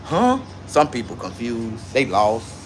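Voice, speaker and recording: Man, AAVE, livestream rant, lively swooping pitch, noise behind. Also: slow pace. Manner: loud animated ranting with profanity, then calmer asides. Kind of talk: ranting live commentary.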